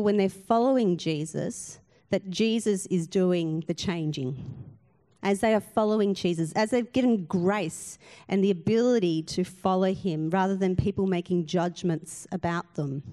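A woman's voice: medium pitch, dark tone. A woman pastor, giving an earnest sermon full of rhetorical questions and emphatic repetition.

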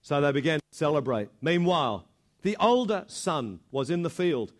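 A male pastor delivering an animated sermon, retelling a story with frequent repeated words. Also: a little high, moderate pace.

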